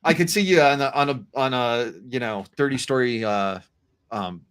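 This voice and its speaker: Casting: man in his forties, middle-pitched, playful storytelling host, stops and restarts. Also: moderate pace, fairly bright tone. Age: 40s. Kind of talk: casual panel chat.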